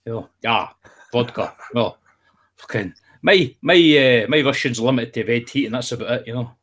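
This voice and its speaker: Brief: man, husky, chatty and profane, meandering opinions. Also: mid-range voice, moderate pace, fairly bright tone. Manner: rambling, profane, jokey storytelling. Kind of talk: casual chat.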